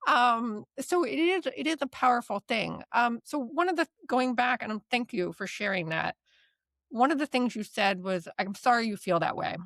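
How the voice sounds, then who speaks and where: A woman's voice: a little high, animated, moderate pace, fairly bright tone, no echo. A woman hosting a talk about therapy skills. She teaches in a casual, chatty way, keeps asking "right?", and laughs lightly as she talks. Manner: laughs lightly mid-sentence. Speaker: DBT course instructor and podcast host.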